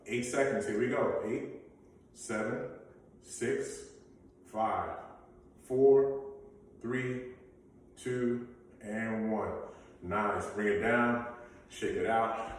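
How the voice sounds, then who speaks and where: A man in a fitness class calls out moves and counts down the reps in a low voice, cheering people on. He sounds far from the mic, with a very echoey room around him and a faint hiss. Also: slow pace, pauses often. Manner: encouraging, coaching cues and countdowns. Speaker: fitness instructor. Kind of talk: workout instruction with counting.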